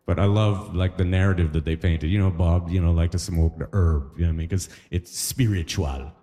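A Caribbean man with a Trinidadian accent performing an animated stand-up set, laughing at his own jokes and shouting punchlines. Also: sits low, fast talker. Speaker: stand-up comedian. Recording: live room with long reverb.

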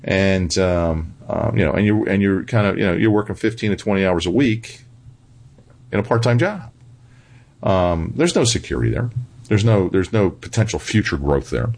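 A man's voice: low voice, lively intonation, normal speed, a little mellow. A man being interviewed as a financial commentator. He talks bluntly and with a touch of sarcasm, and keeps pressing his points with "right?" and "okay?". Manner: emphatic, repeats "right?" and "okay?" for emphasis. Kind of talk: interview answers.

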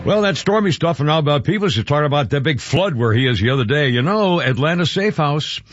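An older man hosts talk radio, rambling through commentary and a live ad read full of fillers and restarts. His voice is on the high side, expressive, and fast. Soft music plays behind him, and the studio microphone gives a dull radio sound.

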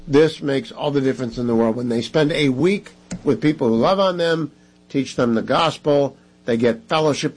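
Radio show guy rattling off appeals, husky voice, emphatic, quick asides. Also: mid-range voice, a little mellow, low-quality recording. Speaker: radio talk show host. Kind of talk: talk radio monologue. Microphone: studio microphone.

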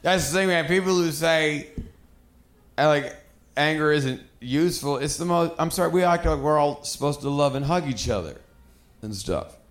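A man's voice: on the high side, lively intonation, moderate pace, echoey room. A man doing a blunt, profane stand-up comedy set, ranting about anger.

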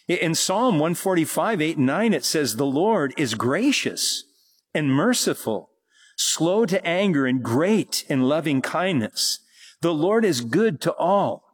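A man's voice: a little high, breathy edge. A man preaching a sermon, reading scripture and explaining it with growing emphasis. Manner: slow, earnest Bible teaching, rising to emphatic preaching. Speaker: pastor.

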